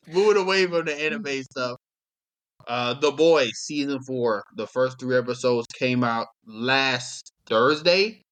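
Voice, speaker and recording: A man's voice: mid-range voice, slow, fairly bright tone, clear, resonant tone. Young guy just chatting on a podcast, laid back, rambles a lot, laughs here and there. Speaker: podcast co-host. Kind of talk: casual chat.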